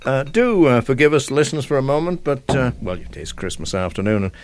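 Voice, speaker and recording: A man's voice: medium pitch, sing-song, a little fast, a little hiss or hum. A man presenting a radio show, chatting casually with a guest, hesitant and full of fillers. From Isle of Man.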